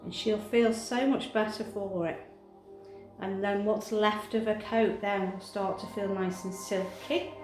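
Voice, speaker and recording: A woman grooming a cat, talking softly and coaxingly while explaining her work. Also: medium pitch, steady tone, measured pace. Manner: soft, coaxing, chatty. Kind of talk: grooming commentary. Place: grooming room. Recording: echoey room with music behind.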